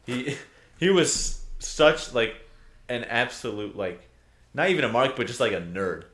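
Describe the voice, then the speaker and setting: A young man co-hosting a podcast, telling stories in an animated way, often swearing and laughing. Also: mid-range voice, measured pace. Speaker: podcast co-host. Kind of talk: casual chat. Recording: roomy echo.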